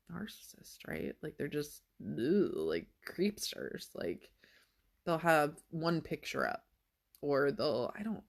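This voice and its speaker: A woman's voice: low voice, creaky. A woman vlogging in a casual monologue, telling a story in a sarcastic, exasperated way.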